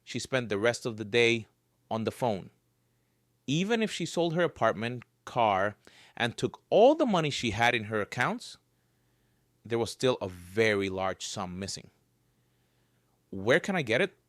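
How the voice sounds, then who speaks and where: A man narrating a scripted story in a lively, varied storytelling voice. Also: mid-range voice, a little slow, dry recording, studio quality.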